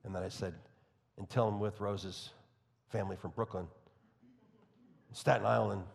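Preacher with a slight New York accent. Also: male voice, lowish voice, normal speed, vocal fry, in a large hall. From New York area. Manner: enthusiastic, speeds up when excited, reads scripture aloud. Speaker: pastor. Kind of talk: expository sermon.

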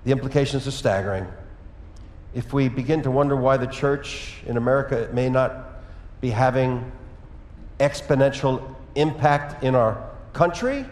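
A man preaching a sermon as pastor, telling a personal story in a conversational way with lively asides. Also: medium pitch. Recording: echoey hall with long reverb.

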